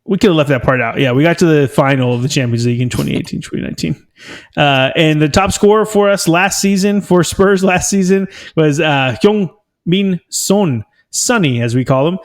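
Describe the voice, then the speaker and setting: Rambling, fairly high-voiced podcast man. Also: moderate pace. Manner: rambling, filler-heavy, enthusiastic fan talk. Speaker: podcast co-host. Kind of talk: casual chat.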